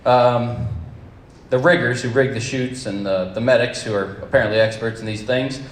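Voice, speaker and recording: A man telling a personal story live to an audience, with wry, deadpan humor and casual swearing. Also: medium pitch, moderate pace, roomy sound. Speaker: storyteller at a campfire event.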